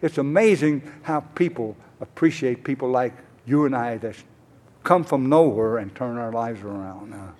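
A man's voice: medium pitch, moderate pace, a little mellow. An older man tells his own recovery story from a conference stage. His talk is folksy and wandering, thick with "uh"s. He slips into the voices of the people he talks about. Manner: rambling, folksy, many "uh"s, acts out both sides of conversations. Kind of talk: personal testimony storytelling. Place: conference hall.

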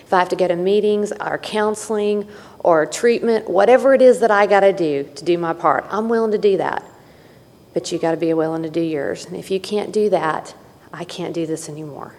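Woman, earnest personal testimony, lowish voice, reverberant meeting hall. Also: fairly quick, a little mellow. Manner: candid and earnest, with repeated phrases and restarts. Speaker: recovery meeting speaker. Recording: echoey hall.

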